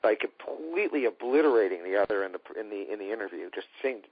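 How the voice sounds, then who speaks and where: A man with a slightly husky voice chats about wrestling on a podcast in an opinionated, sarcastic way. The recording is muffled and lo-fi, with no room sound at all. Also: on the low side, lively intonation, fast talker, no room sound. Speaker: podcast co-host. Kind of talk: casual wrestling talk show chat. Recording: dull lo-fi dry recording.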